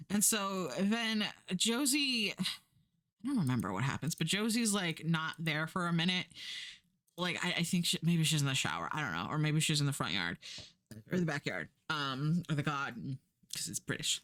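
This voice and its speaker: Woman, young adult, American, streamer, casual storytelling, rambling, lowish pitch, very animated pitch. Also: normal speed. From United States. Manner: animated, rambling with frequent fillers and self-corrections, acts out quoted voices. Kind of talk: casual chat, retelling a story.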